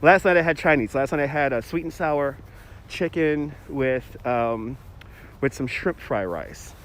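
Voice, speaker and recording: This man chats in a rambling way on a casual walking livestream through a city park, answering viewer comments via a phone held on a handheld gimbal. His mid-range voice is a bit bright and a little slow, with a little hiss or hum in the audio.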